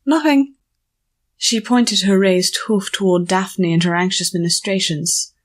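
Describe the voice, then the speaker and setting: Measured woman narrating an audiobook. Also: lowish voice, fairly even intonation. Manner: measured storytelling. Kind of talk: scripted narration.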